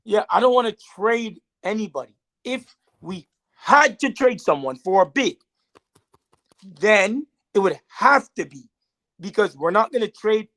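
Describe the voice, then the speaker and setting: A young man holds his ground in a sports podcast argument, defensive and often tripping over his words. His voice sits fairly high for a man. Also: lively intonation, unhurried, fairly bright tone. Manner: defensive, stammering restarts. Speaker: podcast co-host. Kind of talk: heated sports debate.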